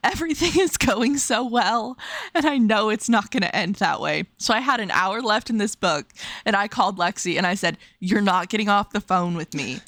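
Fast-reading woman, dry close mic. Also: medium pitch, a bit bright, no room sound. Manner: reads passages aloud quickly, laughs while talking. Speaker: podcast co-host. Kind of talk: casual book chat and reading aloud.

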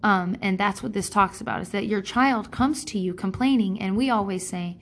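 A woman's voice: medium pitch, normal speed, few pauses. A middle-aged woman speaking as a parent, talking frankly and casually, rambling off topic, cursing freely and acting out quotes in different voices. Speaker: parent sharing advice. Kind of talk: candid casual monologue.

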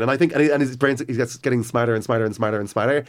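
A man's voice: mid-range voice, racing, hardly any pauses. A man in casual chat, retelling stories with enthusiasm and plenty of fillers and restarts.

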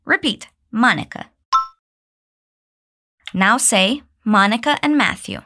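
A woman teaching an English pronunciation lesson, drilling phrases for learners to repeat and praising them warmly. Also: lively intonation, slow. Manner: encouraging, drills repetition, pitch leaps on praise.

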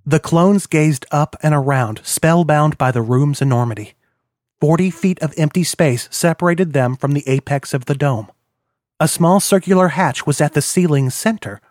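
A man reading an audiobook in a measured, descriptive manner. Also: on the high side, darkish tone, no room sound, clean studio sound. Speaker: audiobook narrator. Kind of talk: scripted narration.

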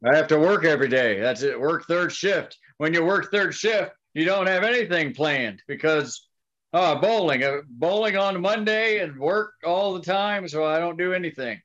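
A man's voice: on the high side, expressive, moderate pace, a bit bright. A man co-hosting a casual podcast, talking in a laid-back way with short, easygoing replies. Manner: laid-back, short replies, says "you know what I mean". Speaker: podcast co-host. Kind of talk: casual chat. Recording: dull lo-fi recording.

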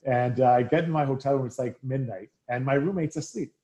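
A former hockey player in middle age tells casual anecdotes during an interview, acting out the quotes with animation. His voice is mid-range and a little fast.

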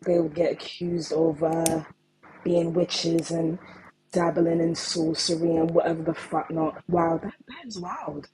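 A man's voice: on the high side, steady tone, unhurried, background noise. A man chatting casually, amazed and swearing as he talks. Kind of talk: casual chat.

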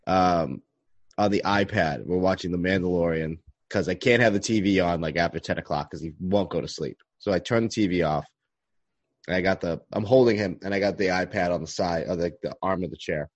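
Very deep-voiced, laid-back dad host. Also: male voice, normal speed, no echo, dull audio. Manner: laid-back, rambling, chuckling. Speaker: podcast host. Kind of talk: casual chat.

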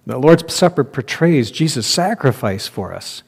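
Male pastor, middle pitch, conversational sermon, long hall reverb. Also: sing-song, moderate pace, vocal fry, slightly rough. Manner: conversational, reads scripture aloud, loses his place and laughs at himself.

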